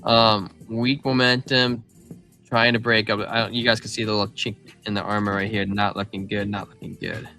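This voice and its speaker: A man hosting a live crypto chart stream, talking loosely and excitedly with slang like man and bro. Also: fairly low pitch, normal speed, faint music behind. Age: adult father of a young child. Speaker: crypto livestream host. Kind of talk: casual market chart commentary.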